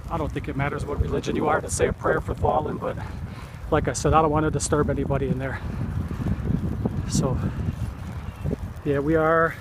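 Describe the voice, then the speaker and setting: Male cycling vlogger, winded, chatty, slightly higher voice, loud outdoor noise in the track. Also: little pitch movement, a little fast, pauses often. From Wisconsin, USA. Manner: chatty, direct. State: out of breath. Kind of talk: casual vlog narration. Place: outdoor bicycle trail.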